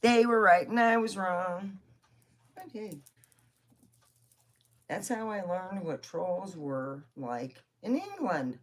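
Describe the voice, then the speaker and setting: A woman's voice: fairly low pitch, animated, slow pace, long pauses. A woman vlogger telling personal stories in a rambling, chatty way, with swearing. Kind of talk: casual personal storytelling.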